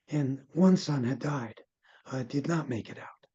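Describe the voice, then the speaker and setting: An older man, a near-death researcher and former physician, telling case stories as an interview guest, lively at times and dropping to soft low asides. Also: normal speed, breathy edge, highs cut off. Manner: animated storyteller, drops to soft low asides.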